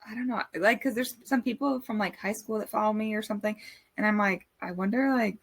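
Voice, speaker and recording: A woman's voice: medium pitch, steady tone, fast, slightly rough. Chatty woman guest, casual talk. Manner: chatty and self-conscious, many "like" fillers. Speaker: podcast guest. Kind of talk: casual chat.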